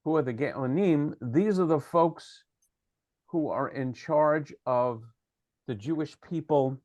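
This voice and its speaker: A man's voice: a little high, takes it slowly, darkish tone, no echo, dull audio. A man leading a study session, explaining terms at length and correcting pronunciation, with frequent fillers. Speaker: teacher leading the discussion.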